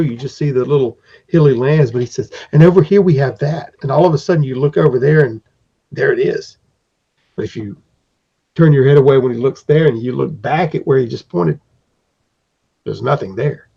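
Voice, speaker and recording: A man's voice: mid-range voice, moderate pace, gravelly, warm tone, breathy edge. A man acting as game master, narrating a tabletop game in a rambling, descriptive way on a dull lo-fi recording.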